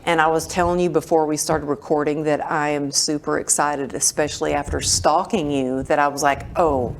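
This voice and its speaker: A woman's voice: sits low, level tone, brisk, gravelly, a little hiss or hum. A woman hosting a podcast interview, effusive and enthusiastic as she introduces and questions her guest. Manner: effusive, enthusiastic, emotional reactions. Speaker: podcast host.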